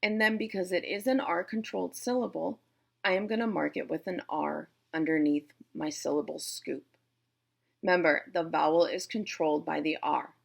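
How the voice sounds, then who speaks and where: A Boston woman teaches syllable types one step at a time, speaking to her viewers directly in a playful way. Her voice sits low and creaks, and she talks at a normal speed, with a Boston accent.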